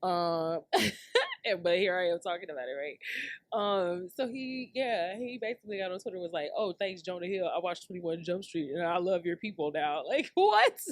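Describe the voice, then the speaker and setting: A woman's voice: fairly low pitch, no room sound. Laughing woman podcaster in a dry room. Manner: loose, joking, slangy and laughing often. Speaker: podcast host. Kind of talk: casual solo rant.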